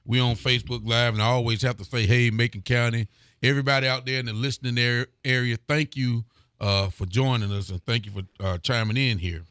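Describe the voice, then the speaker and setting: A man's voice: mid-range voice, steady tone, a little fast, fairly bright tone, clean tone, dry recording, clean studio sound. A man, a sheriff hosting a local live talk show, chatting casually and greeting viewers by name. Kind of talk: casual live-stream chat reading viewer comments.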